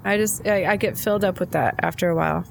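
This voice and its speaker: A woman's voice: on the low side, fairly even intonation, quick pace, vocal fry, slight background noise. A middle-aged woman co-hosting a casual chat, telling personal stories in a chatty, emotional way. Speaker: podcast co-host.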